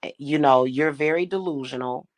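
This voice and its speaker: A woman's voice: deep voice, moderate pace, dry recording. A young woman venting in an angry, profane rant, blunt and scornful as she talks. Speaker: spiritual reader and vlogger. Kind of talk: angry ranting monologue.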